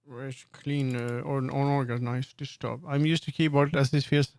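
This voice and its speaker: A man's voice: medium pitch, flat delivery, normal speed, darkish tone, a little hiss or hum. A man streaming live who chats casually, trailing off and restarting his sentences and playfully repeating words over and over. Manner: rambling, trails off and restarts often.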